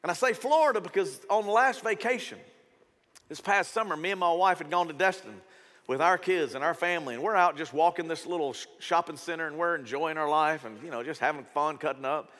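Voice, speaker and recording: Pastor guy telling a story in his sermon, kinda high bright voice, echoey big room. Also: brisk. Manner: storytelling, conversational and emphatic. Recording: reverberant church hall.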